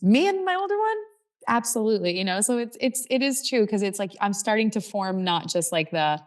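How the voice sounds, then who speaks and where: A woman in her thirties, a podcast guest, telling stories in an animated, gushing way. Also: mid-range voice, brisk. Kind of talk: casual podcast conversation.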